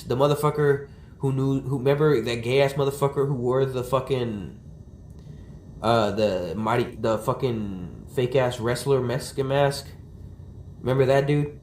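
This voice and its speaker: A man's voice: medium pitch, slight background noise. A man livestreaming outdoors, ranting in a rambling, agitated and profane way. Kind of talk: ranting IRL stream talk. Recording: roomy, from the mic, faint ambience.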